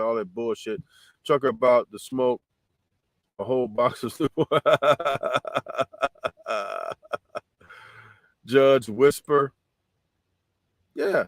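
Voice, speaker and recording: A man's voice: medium pitch, slow pace, long pauses, no room sound. Profane heated man ranting on stream. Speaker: livestream host reading chat. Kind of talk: casual livestream rant.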